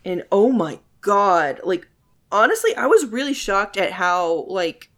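A woman with a mid-pitched voice talking through a TV episode in casual chat. She thinks out loud, circles back with lots of fillers, and lets casual swears slip. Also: big pitch swings, a little slow.

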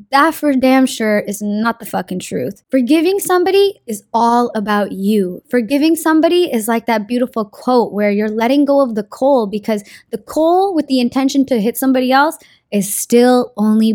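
A woman's voice: on the high side, expressive, normal speed, a little mellow, no echo, studio quality. A young woman talking casually and earnestly about a card of the day, with slang and swearing. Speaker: card reading vlogger. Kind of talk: casual spiritual advice monologue.

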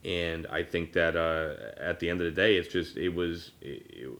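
A man's voice: sits low, moderate pace, a bit bright. A man in his thirties hosting a casual podcast, rambling with many fillers and restarts, and at times choked up. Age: 30s. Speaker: podcast host. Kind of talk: casual personal conversation.

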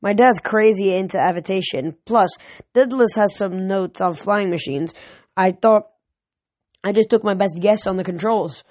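A brisk, sharp-tongued teen girl demigod, as a male reader puts her on in a storybook reading. She is clipped and a notch higher and louder than the narration. The sound is close and dry. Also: dry recording, lightly acted. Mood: curt.

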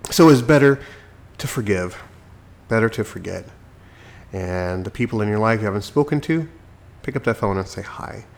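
A man's voice: fairly low pitch, expressive, moderate pace, creaky, pauses often. A sick man hosting his own podcast, talking alone into a microphone in a chatty, preachy, self-mocking way. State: sick, recovering from illness. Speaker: podcast host. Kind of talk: solo podcast monologue. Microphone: desk microphone.

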